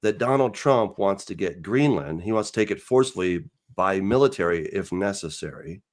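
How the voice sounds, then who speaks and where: A man's voice: deep voice, expressive, moderate pace. A man co-hosting a casual discussion, incredulous and challenging, often interrupting. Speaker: skeptical co-host. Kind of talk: casual debate chat.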